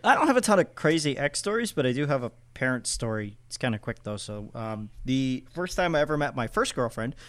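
Playful young man with a lively voice. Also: mid-range voice, a little fast, few pauses. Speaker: podcast co-host. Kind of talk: casual chat.

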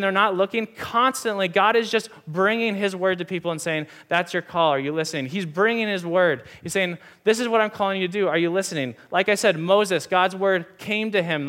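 Brief: young male pastor, fairly high voice, earnest, emphatic sermon delivery. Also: fairly bright tone. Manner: earnest, emphatic, repeats key lines for stress. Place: church hall with audience.

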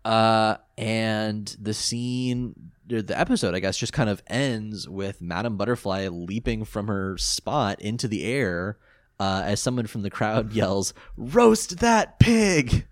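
Animated low-voiced man, dry sound. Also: a little slow, no echo. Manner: animated, jumps into high pitch when reacting. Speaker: podcast co-host. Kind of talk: casual chat recapping an episode.

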